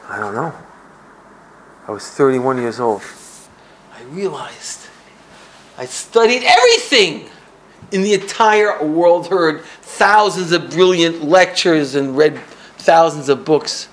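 An older man from the United States telling a personal story, swinging between loud bursts and hushed asides. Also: a little high, lively intonation, slow, long pauses, slight background noise.

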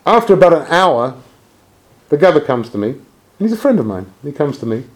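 A man recounts a personal anecdote in a lively, expressive storytelling manner. His voice sits somewhat high and his pitch rises and falls a great deal. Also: a little fast. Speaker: speaker telling a personal story.

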